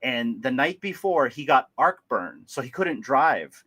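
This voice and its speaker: A man tells a long story on a livestream. His voice is bright and forward. He talks in a lively way, laughs often and slips into other people's voices as he goes. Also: medium pitch, unhurried. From Hawaii. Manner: animated, laughing, acts out voices. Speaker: livestream host. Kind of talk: casual storytelling.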